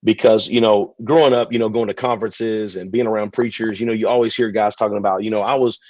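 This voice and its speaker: A man, a pastor telling his story in an interview, relaxed and chatty. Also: on the low side, fast, no room sound. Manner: relaxed, chatty, many fillers. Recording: dull, dry recording.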